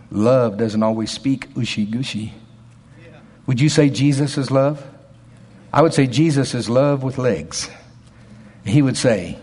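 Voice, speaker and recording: A man preaching a sermon in a folksy, emphatic way, dropping to quiet asides and rising to loud, shouted passages. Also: medium pitch, husky. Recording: long hall reverb.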